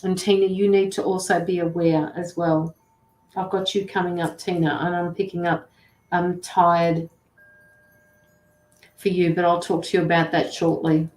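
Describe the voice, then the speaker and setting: Brief: middle-aged woman, lowish voice, rambling and blunt with casual swearing, roomy echo. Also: level tone, normal speed, pauses often, darkish tone, soft background music. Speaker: intuitive tarot and mediumship reader. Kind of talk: casual livestream reading.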